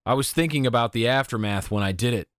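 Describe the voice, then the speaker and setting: A man's voice: medium pitch, fast talker, dry recording, natural voice. A man voicing an anxious, unsure teenage boy in an audiobook, speaking hesitantly. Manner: hesitant, confiding.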